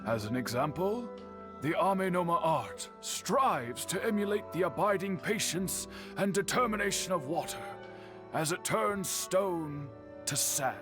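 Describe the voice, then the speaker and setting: A patient, dignified old master bladesmith speaks in a formal, unhurried manner. His voice sits slightly high, and game music plays clearly underneath him. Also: expressive. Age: older. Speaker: game character.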